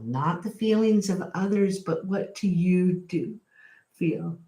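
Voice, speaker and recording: A woman giving a casual tarot reading, chatty and quick to laugh and apologize, recorded at home. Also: fairly low pitch, warm tone. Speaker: tarot reader. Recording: echoey room.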